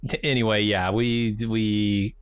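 A man with a fairly low voice walks through an episode's plot on a recap podcast. He talks steadily with small fillers, recorded dry and close. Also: level tone, measured pace, clear, resonant tone, no room sound. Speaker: podcast co-host. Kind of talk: casual recap chat.

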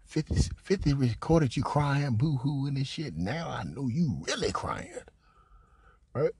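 A man giving casual, profane commentary on a recorded phone call, mocking, repetitive and animated, often laughing and coughing. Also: mid-range voice, a little slow, husky, no echo. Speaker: commentator reacting to a leaked call.

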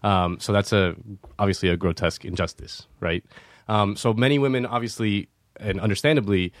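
A man's voice: on the low side, brisk, no room sound, studio quality. A young man in casual conversation, explaining politics earnestly with frequent hesitations and restarts. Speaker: podcast guest.

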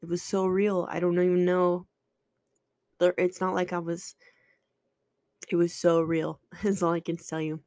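A woman speaks candidly about her own experience, her voice gravelly with vocal fry. She talks in an earnest, halting way, restarting sentences and swearing now and then. The sound is dry and close, with no room around it. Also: on the low side, little pitch movement, darkish tone, dry recording. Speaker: podcast host sharing a personal story. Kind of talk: candid personal storytelling.

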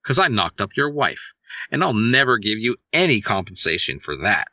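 A man's voice: fairly low pitch, big pitch swings, moderate pace, pushed and bright, no room sound, lo-fi sound, exaggerated voice. A man reading the lines of a spiteful, drunken male trickster god, hurling crude insults. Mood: taunting.

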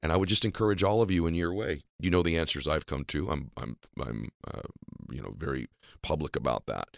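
Low-voiced earnest male podcast host. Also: brisk, creaky, no echo, studio quality. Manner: earnest, reflective, emotional at times. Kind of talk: heartfelt interview conversation.

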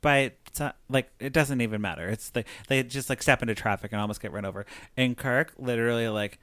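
A man's voice: medium pitch, brisk, dry recording. Dry-sounding man rambling through a plot recap. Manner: rambling and animated, heavy use of "like", acts out characters' lines. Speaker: podcast host recapping a film. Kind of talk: casual chat, retelling a plot.

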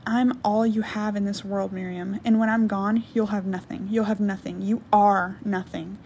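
A woman's voice: medium pitch, steady tone, a little fast, vocal fry, a little mellow, a little hiss or hum, lightly acted. A woman reading an audiobook, voicing a bitter, controlling mother who mocks and pleads. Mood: scornful. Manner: accusing, mocking, then pleading.

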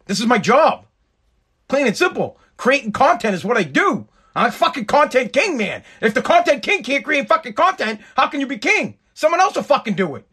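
A man in his thirties rants alone on his podcast, cursing freely and wandering from one gripe to the next. His voice sits high and swings widely in pitch, bright and edged with a slight husk. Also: big pitch swings, fairly quick, breathy edge. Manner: profane, exasperated, rambling. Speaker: podcast host. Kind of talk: solo podcast rant.

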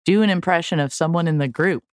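A woman's voice: lowish voice, quick pace, no room sound. A woman co-hosting a podcast, reading a list of dares aloud with dry jokes in casual chat. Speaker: podcast co-host.

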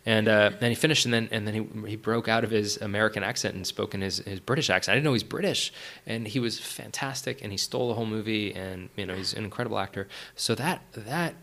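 A middle-aged man with a fairly low, bright, forward voice talks casually as an interview guest. He tells stories in an animated way, often restarting sentences and filling gaps with "um" and "right?". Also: quick pace, vocal fry. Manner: animated storyteller with many fillers and restarts. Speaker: writer and director, podcast guest.

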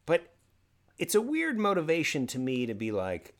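A man's voice: a little high, wildly swooping pitch, moderate pace. A man co-hosting a casual podcast, chiming in with wry jokes and reactions. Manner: wry, jokey interjections. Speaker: podcast co-host. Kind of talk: casual chat.

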